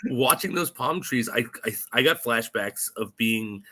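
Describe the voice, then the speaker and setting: A man co-hosting a casual movie review podcast, talking in an animated way, swearing and acting out quotes in funny voices. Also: mid-range voice, a little slow. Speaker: podcast co-host.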